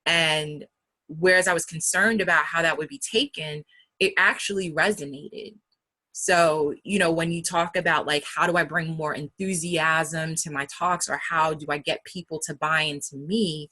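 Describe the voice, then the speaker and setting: A woman's voice: low voice, fairly even intonation, moderate pace, pushed and bright. A woman with a New York accent speaking frankly and emphatically in a casual talk about public speaking. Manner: candid and emphatic.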